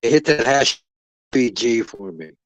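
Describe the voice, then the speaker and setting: A man's voice: mid-range voice, expressive, slow, a bit bright, no echo, poor audio. A man rambling and boasting as he stands in as host of a boxing live stream, swearing freely and talking to his chat.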